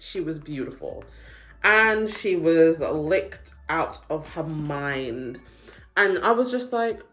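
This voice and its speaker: A young woman tells a story in a casual vlog. Her voice sits fairly low, and she talks in a chatty, rambling way, stringing thoughts together with fillers. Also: expressive, unhurried, pushed and bright, faint music behind. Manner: chatty, full of "like" fillers, acts out quotes. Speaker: vlogger.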